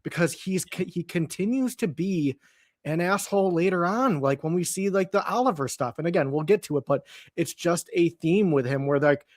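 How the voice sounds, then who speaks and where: A man on a podcast joining in a casual show breakdown in a lively, jokey way. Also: high voice, normal speed, dry recording, clean studio sound. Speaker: podcast co-host.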